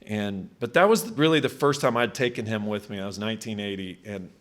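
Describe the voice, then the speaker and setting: A man's voice: on the low side, a little fast, fairly bright tone. A man in his sixties giving a hall of fame acceptance speech at a country club, conversational, with frequent restarts. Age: 60s. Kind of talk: acceptance speech with personal anecdotes. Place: country club event room.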